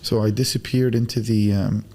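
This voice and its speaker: A man telling stories as a podcast guest in casual chat, animated, acting out quotes and using Arabic religious phrases. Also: on the low side, normal speed. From Arab world.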